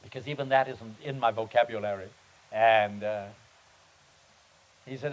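A man, a pastor, teaching on prayer at a seminar and telling a story in an earnest, halting, unhurried way. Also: fairly low pitch, fairly even intonation, lo-fi sound. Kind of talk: sermon-style teaching with storytelling. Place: seminar meeting.

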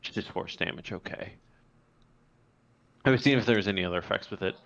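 A man running a tabletop game as game master, narrating and ruling in a halting way with many restarts. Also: low-pitched, gravelly, a bit bright. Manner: halting, full of restarts and fillers. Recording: dull lo-fi voice chat audio.

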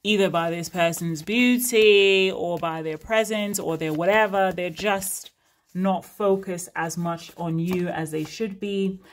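A woman giving a casual, frank tarot reading to her viewers, chatty with many fillers and asides. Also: fairly low pitch. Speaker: tarot reader.

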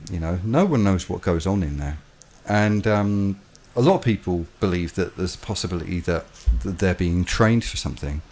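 Man, low voice, rambling storyteller, casual chat co-host. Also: normal speed, few pauses. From London, England. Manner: rambling, animated storytelling with laughs. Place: home in the Philippines.

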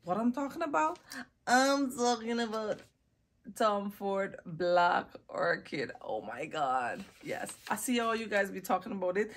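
A woman's voice: mid-range voice, a little slow. A woman chatting casually in a perfume haul vlog, gushing and drawing out words for emphasis, recorded close on a phone or camera mic. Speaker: fragrance vlogger.

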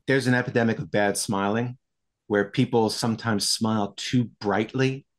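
An American man explaining voiceover coaching in a podcast interview, telling stories in a lively way. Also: on the low side, normal speed.

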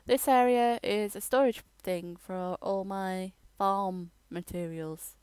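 A woman rambling through a casual game voiceover, halting and restarting as she tours her builds. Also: medium pitch, fairly even intonation, a little mellow, smooth, no room sound. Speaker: gamer giving a tour.

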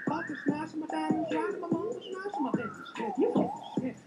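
A man voicing a high-voiced cartoon rapper in a shrill falsetto in a rap parody. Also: huge pitch swings, fast talker, over loud music, heavily acted. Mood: cocky.

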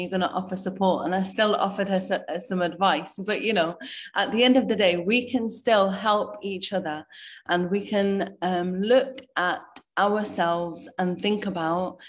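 A woman's voice: fairly low pitch, steady tone, normal speed. Hesitant woman joining a parenting chat. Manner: hesitant, many fillers, agreeable. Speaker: guest on parenting talk. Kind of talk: casual discussion.

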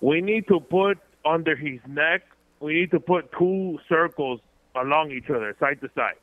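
A man's voice: fairly high pitch, moderate pace. A man calling in to a comedy stream, chatting in a laid-back way. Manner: laid-back, says bro. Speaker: caller. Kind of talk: casual call-in chat. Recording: tinny phone line.

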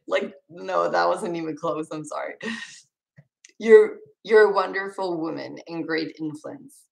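A woman's voice: fairly low pitch, unhurried, gravelly, low-quality recording. A young woman with a Swedish accent, casually reading chat questions aloud on a live stream and answering them with restarts and laughs. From Sweden.

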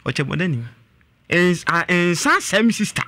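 A man phones in to a talk show to tell a story about his family. He speaks haltingly with many fillers, in a bright voice whose pitch leaps about. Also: lively intonation. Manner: hesitant, full of "eh" fillers. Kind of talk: telling a family story on a call-in.

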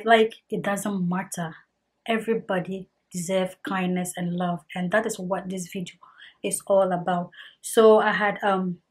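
Husky woman, earnest vlog talk. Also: mid-range voice. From Ghana. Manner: earnest, heartfelt, repeats herself for emphasis. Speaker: vlogger. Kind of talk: casual talk to camera.

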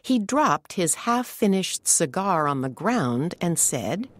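A woman narrating a story in slow, clear English for learners. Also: on the low side, sing-song.

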